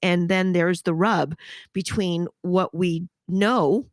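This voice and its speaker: A woman's voice: fairly low pitch, steady tone, takes it slowly, dry recording, clean studio sound. A woman hosting her podcast, talking frankly and energetically with her guest, with casual swearing. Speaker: podcast host. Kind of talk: conversational interview.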